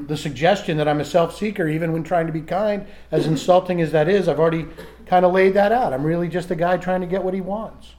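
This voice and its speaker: A middle-aged man sharing candidly in a recovery group, self-mocking and halting, often restarting his sentences. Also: sits high, darkish tone.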